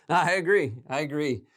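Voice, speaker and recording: A man's voice: on the high side, lively intonation, normal speed, a bit bright. A man hosting a recruiting podcast, talking through a call in a loose, conversational way and often checking in with "right?". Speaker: podcast host. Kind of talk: podcast commentary.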